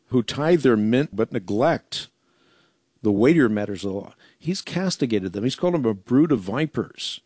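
A man's voice: mid-range voice, darkish tone, no echo, studio quality. A man hosting a radio broadcast, explaining scripture emphatically with rhetorical questions. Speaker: radio show host answering Bible questions.

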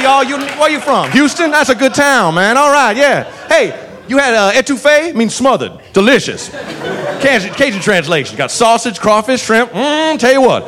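A man's voice: extremely high pitch, sing-song, moderate pace, a bit bright, a faint crowd, pitched above the performer's own voice, full character voice. A man voicing a big, jovial, unflappable southern cop with a folksy, chatty drawl. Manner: folksy drawl, chatty tourist-guide patter.

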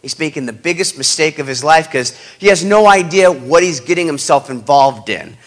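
A man voicing a concerned, earnest father in a hushed, confiding tone while retelling a story. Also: on the high side, lively intonation, normal speed, close to an everyday voice. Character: concerned middle-aged father, earnest and blunt.

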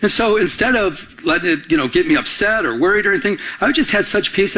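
Man, pastor, sermon, fairly high voice, husky, call-and-response. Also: expressive, fast talker, few pauses, pushed and bright, low-quality recording. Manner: storytelling with call-and-response questions.

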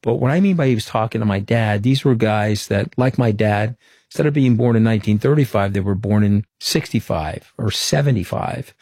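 A man's voice: on the low side, moderate pace, dry recording, studio quality. A middle-aged man, telling stories as an interview guest and acting out the quoted dialogue. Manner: animated storyteller, acts out quoted dialogue. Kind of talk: conversational interview storytelling.

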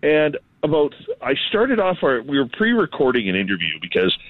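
A man from Canada, a radio host, telling an animated, self-deprecating story in casual chat. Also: fairly high pitch, normal speed, no echo. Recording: tinny phone line.

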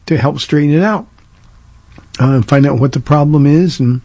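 A Southern California pastor hosts a call-in radio show, earnestly answering listener questions in a casual, conversational way and often restarting his sentences. His voice is a little high and darkish, at normal speed, in a dry recording.

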